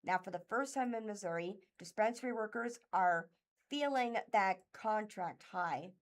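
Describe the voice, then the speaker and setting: A woman reading local news articles aloud for a radio reading service, halting and stumbling over names and words. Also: medium pitch. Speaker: volunteer news reader. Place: thrift store.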